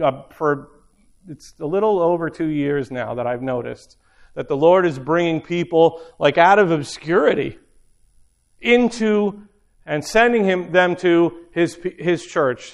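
Middle-aged male preacher, fairly high voice, casual sermon delivery, repeats key lines. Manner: conversational, repeats phrases for emphasis. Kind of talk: informal sermon.

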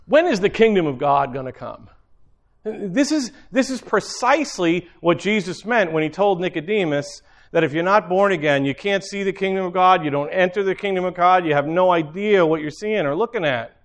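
A man with a fairly high voice preaches in an easygoing, conversational manner. He repeats key phrases and drifts into quick asides as he speaks to a church congregation. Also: lively intonation. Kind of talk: sermon.

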